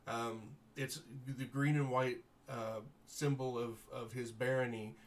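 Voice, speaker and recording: A man narrating as game master in a tabletop game, in halting, unscripted narration that corrects itself as he goes. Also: medium pitch, little pitch movement, slight background noise.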